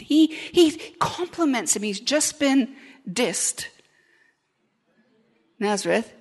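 A woman's voice: high voice, expressive, unhurried. A woman preaching a conversational sermon, joking and asking the congregation questions. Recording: long reverb of a large hall.

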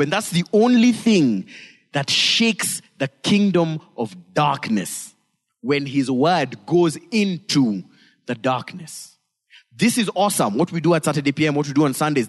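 A man preaching a sermon as pastor, emphatic, with sudden swings into high, dramatic delivery. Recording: long reverb of a church hall.

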